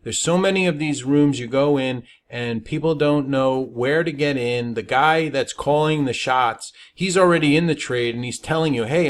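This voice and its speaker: A man teaching stock trading in a webinar, talking emphatically and checking in with "all right?" after his points. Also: mid-range voice. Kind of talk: webinar presentation.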